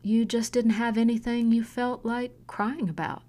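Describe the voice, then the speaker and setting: Woman reader doing a stern, earnest middle-aged mom in an audiobook; slow, deliberate, pressing. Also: a little high, little pitch movement, warm tone, close to an everyday voice. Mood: earnest, pleading. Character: intense middle-aged mother, hard on her daughter. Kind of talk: audiobook character voicing.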